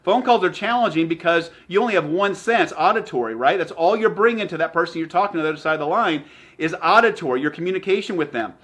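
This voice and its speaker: A man giving an energetic motivational talk as a sales trainer, emphatic and repeating his phrases. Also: high-pitched, fast talker.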